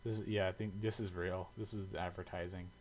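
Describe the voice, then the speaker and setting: A man's voice: deep voice, level tone, fairly quick, slight background noise, poor audio. A man giving casual, rambling commentary full of swearing and fillers, reacting aloud as he browses online. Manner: rambling and profane, many fillers. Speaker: airsoft video creator.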